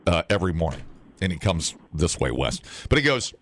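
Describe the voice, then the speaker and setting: A man's voice: deep voice, big pitch swings, brisk, a bit bright, slight background noise. A man hosting a casual morning radio show, joking and rambling through stories with many restarts.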